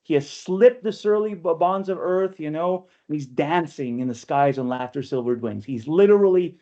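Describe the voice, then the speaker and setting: The man's voice leans high, with a dark tone and normal speed. In lo-fi video call audio, he gives an online poetry workshop lecture, explaining step by step and repeatedly asking "right?"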